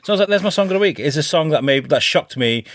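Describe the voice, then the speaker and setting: A man's voice: fairly high pitch, racing, no echo. Swearing man in casual podcast chat. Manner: animated storyteller, swears freely, lively retellings. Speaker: podcast co-host.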